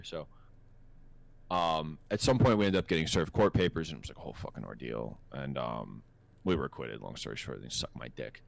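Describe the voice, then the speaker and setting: A deep-voiced man chats casually on a podcast. He swears freely and tells his stories in a loose, offhand way. The sound is dry and close. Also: fairly quick, gravelly, a bit bright, no echo. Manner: profane, laid-back storyteller. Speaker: podcast co-host. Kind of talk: casual storytelling chat.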